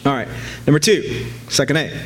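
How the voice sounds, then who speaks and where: A man's voice: mid-range voice, lively intonation, moderate pace, a bit bright. A man preaching a casual sermon to a live congregation, joking and conversational, with frequent fillers and restarts.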